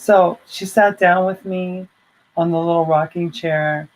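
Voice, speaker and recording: A woman's voice: fairly low pitch, steady tone, unhurried, a little mellow, poor audio. A woman vlogger telling a personal story in a heartfelt, rambling way, full of fillers and restarts.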